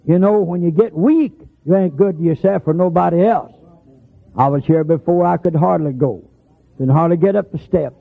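Gravelly folksy preacher, tinny sound. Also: male voice, fairly high pitch, normal speed. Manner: folksy storytelling, rising to emphatic hollers. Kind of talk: sermon.

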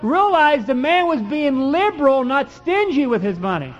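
A man's voice: very high voice, sing-song, moderate pace, in a large hall. A man preaching a sermon and reading scripture in a folksy, emphatic way that builds to fervent peaks. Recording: dull lo-fi recording.

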